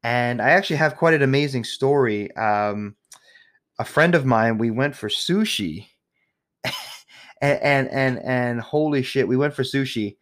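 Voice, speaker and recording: A man's voice: medium pitch, measured pace, a bit bright. A man hosting a podcast, ranting casually about tipping with lots of swearing and rambling restarts. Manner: profane, exasperated, rambling with restarts. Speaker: podcast host.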